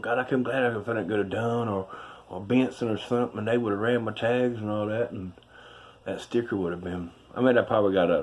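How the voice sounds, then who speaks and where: A middle-aged man with a North Carolina Southern accent, a street preacher giving a rambling, folksy, emphatic spoken testimony. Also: lowish voice.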